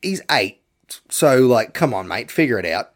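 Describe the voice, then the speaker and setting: A young adult to middle-aged man hosts a podcast, rambling bluntly through a profane, casual film review rant. His voice sits at a medium pitch with a sing-song lilt, and he talks at a moderate pace.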